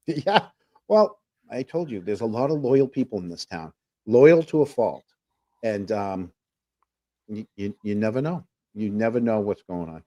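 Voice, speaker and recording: A man's voice: on the low side, dark tone. A man co-hosting a casual livestream talk show, rambling through viewer comments with plenty of fillers. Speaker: podcast co-host.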